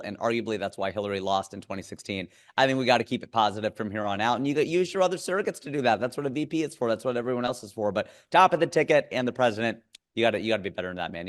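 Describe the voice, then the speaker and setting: A man, a comedian, chatting as an interview guest, quick and joking, riffing with asides. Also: medium pitch. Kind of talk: casual interview chat. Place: California.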